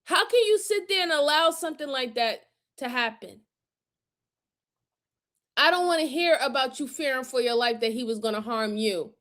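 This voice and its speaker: A woman's voice: high voice, normal speed, pauses often, fairly bright tone. A woman reacting to crime footage in a heated, emphatic way, cursing often and near tears with fury. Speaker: video commentator.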